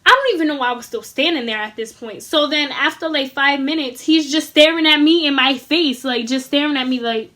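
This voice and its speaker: A young woman tells a casual storytime in a high voice, animated and full of slang and swearing. She acts out what everyone said as she goes. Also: fairly quick, few pauses. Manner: acts out dialogue in quoted voices. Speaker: vlogger.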